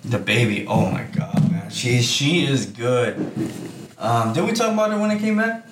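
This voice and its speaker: A young man co-hosting a casual chat, swearing often and telling animated stories with frequent laughs. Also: medium pitch, moderate pace. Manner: profane, laughing, animated storytelling. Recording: roomy, distant mic with clear background noise.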